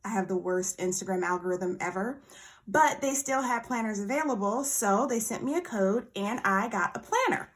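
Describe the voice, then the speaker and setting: A woman vlogger chatting casually through an unboxing, bubbly and excitable, gushing over small surprises. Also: medium pitch, normal speed. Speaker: planner vlogger.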